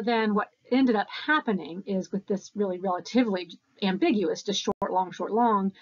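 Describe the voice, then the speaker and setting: A woman lecturing to a class in a loose, conversational way, often restarting her sentences and counting beats aloud. Her voice sits at a middle pitch for a woman. The recording is dull and lo-fi.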